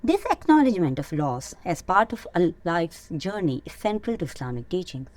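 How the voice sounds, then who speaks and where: A woman hosting an Islamic teaching channel, reading a scripted lesson in an earnest, measured way. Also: fairly low pitch, big pitch swings, darkish tone, dry recording. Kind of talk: scripted religious teaching narration.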